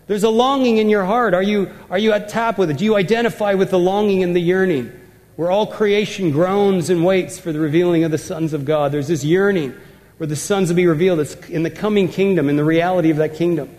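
A man's voice: sits high, darkish tone, big-room sound. A man preaching a sermon, emphatic and repetitive, driving home his points. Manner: emphatic, repeats words for effect. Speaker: pastor.

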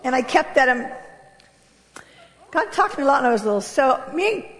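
Woman, high voice, animated and candid church testimony, long hall reverb. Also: a little fast. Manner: animated, candid, laughing often. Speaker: guest speaker giving testimony.

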